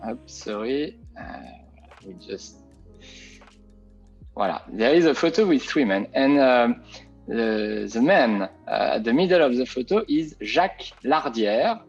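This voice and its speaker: A man's voice: mid-range voice, lively intonation, unhurried, soft background music. French-accented man on a dull video call. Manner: hesitant, with many fillers and French interjections. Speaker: winemaker guest. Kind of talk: presenting over a video call.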